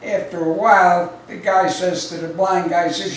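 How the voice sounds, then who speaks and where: A man's voice: high voice, steady tone, moderate pace, hardly any pauses. A man telling dirty jokes, acting out each character's lines in a raised voice and laughing at his own punchlines. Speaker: joke teller. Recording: distant mic in a very echoey room, faint background noise.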